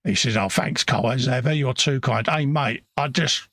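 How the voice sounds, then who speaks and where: A man's voice: mid-range voice, normal speed, a bit bright, dry recording, clean studio sound. A British man co-hosting a live hobby stream, reading viewer comments aloud in jokey casual chat. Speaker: co-host of a live modelling stream.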